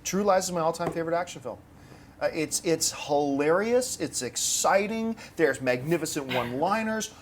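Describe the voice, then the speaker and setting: Animated man hosting a movie chat. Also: a little high, moderate pace, a little hiss or hum. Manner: animated, argues with bursts of emphasis. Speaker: movie news host. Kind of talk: casual panel chat.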